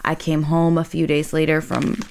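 A woman's voice: low-pitched, flat delivery, moderate pace, creaky, a little mellow, slight background noise. A woman chatting casually and bluntly, swearing freely and tossing in dry interjections. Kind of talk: casual chat.

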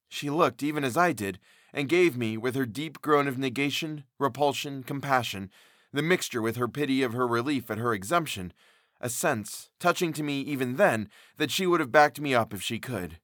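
A man reads a classic ghost story in a measured, expressive way, at a middling pitch. The sound is dry and close, with no room around it. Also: no echo. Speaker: audiobook narrator. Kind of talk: scripted narration of a classic novel.

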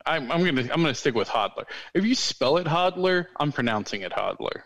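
A man's voice: on the high side, lively intonation, brisk, fairly bright tone, dry recording. A man co-hosting a podcast in casual chat, rambling loosely with lots of fillers and restarts. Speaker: podcast co-host.

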